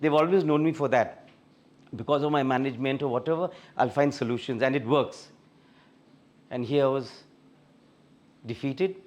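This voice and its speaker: A man's voice: medium pitch, normal speed, pauses often. A middle-aged man with an Indian English accent, sharing a personal faith testimony at a fellowship meeting in a storytelling manner. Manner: storytelling, animated when reliving scenes. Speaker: guest speaker sharing a testimony.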